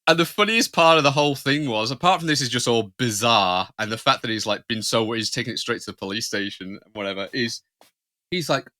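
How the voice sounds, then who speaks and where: A man's voice: mid-range voice, a little fast, pushed and bright. A man co-hosting a podcast, telling family stories in casual chat, laughing often and acting out voices. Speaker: podcast co-host.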